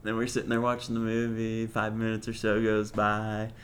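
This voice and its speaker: Young man, fairly low voice, casual storytelling, blunt, swears a lot, laughs often. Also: completely flat delivery, normal speed, fairly bright tone, a little hiss or hum. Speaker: podcast host.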